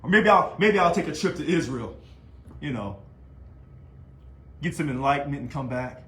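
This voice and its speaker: A man talking to camera in a casual video monologue about his union work, animated and taunting, full of rhetorical questions. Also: a little high, moderate pace. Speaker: union leader. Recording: echoey room.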